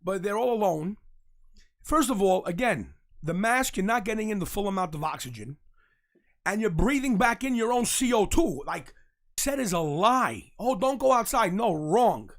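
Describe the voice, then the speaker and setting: A brash host tells a story in a high, gravelly voice. He mocks and jeers as he goes, and his voice stays fast and animated. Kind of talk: casual live-stream rant.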